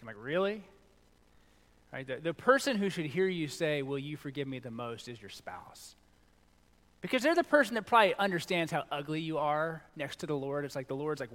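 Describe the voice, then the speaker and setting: A middle-aged male pastor preaching a sermon in a conversational, animated way, acting out little quoted lines. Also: medium pitch. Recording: long reverb in a large hall.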